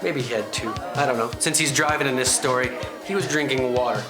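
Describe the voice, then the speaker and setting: A man spins a comic true story as the host of a reenactment show, wandering off into asides before he gets back on track. His voice sits at an ordinary middle pitch, and music runs clearly under his telling. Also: fairly quick. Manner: rambling, chatty, full of asides and digressions. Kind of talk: comedic first-person storytelling.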